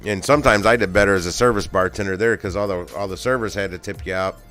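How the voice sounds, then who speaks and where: A man's voice: sits low, quick pace, a bit bright, soft background music. Rambling, cussing middle-aged man. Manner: rambling, profane, laughs often. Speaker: live stream host. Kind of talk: casual storytelling.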